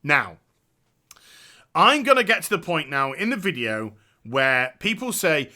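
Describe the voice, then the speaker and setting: A man with a high, very bright and forceful voice rants about a game he hated. His delivery is profane and sarcastic, and his pitch swings widely as his exasperation builds. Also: big pitch swings, measured pace. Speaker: host. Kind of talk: ranting game review.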